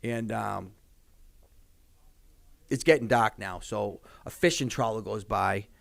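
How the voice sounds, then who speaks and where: A man in his thirties with a gravelly, fry-edged voice. He tells his stories casually and animatedly on a podcast, swearing freely and slipping into other people's voices. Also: on the low side, slow pace, a bit bright. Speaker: podcast guest. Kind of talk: casual storytelling.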